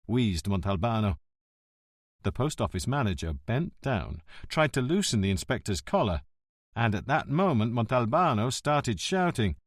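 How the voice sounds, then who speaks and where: A man narrating an audiobook mystery in an expressive, wry storytelling manner, close to the mic. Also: mid-range voice, moderate pace, no echo. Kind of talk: scripted narration.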